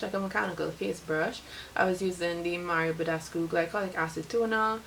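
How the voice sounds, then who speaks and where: A woman's voice: lowish voice, creaky, a bit bright, slight background noise, rough recording. A young Trinidadian woman vlogging casually to camera, rambling with lots of filler words. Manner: chatty, rambling, many "like" fillers. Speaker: beauty vlogger.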